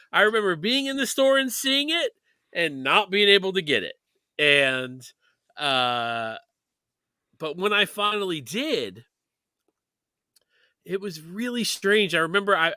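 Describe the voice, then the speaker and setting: A man's voice: high voice, bright, forceful tone, clear, resonant tone, dry recording. A man co-hosting a music podcast, talking in a loose, rambling way with many restarts. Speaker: podcast co-host. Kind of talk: casual chat.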